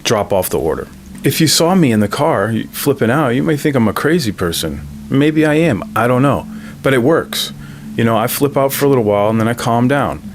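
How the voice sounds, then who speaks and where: A man's voice: medium pitch, animated, a little fast, a little hiss or hum. A man, the channel host, telling a personal story in a casual monologue and often checking in with "right?".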